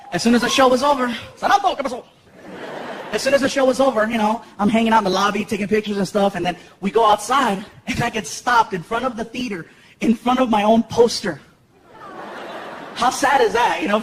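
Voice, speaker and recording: A man performing a stand-up comedy set in a theater, telling animated stories and acting out other people's voices for laughs. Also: high-pitched, quick pace, noisy background. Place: large theater stage before a live audience. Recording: live theater with loud audience laughter and room echo.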